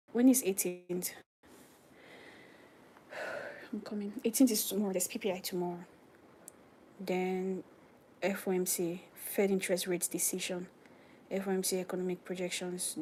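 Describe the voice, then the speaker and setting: A young woman with a mid-range, dark-toned voice live-streams her forex trading, with a little hiss or hum in the audio. She chats through her screen share, explaining the charts step by step, often sinking to a near-whisper and asking viewers, "do you understand?"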